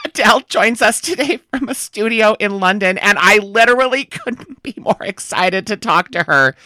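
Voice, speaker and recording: A man's voice: high voice, lively intonation, moderate pace, pushed and bright, dry recording, voice pushed up. A man playing a starstruck gushing radio interviewer. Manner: fawning, slips into a British accent. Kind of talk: comedy sketch.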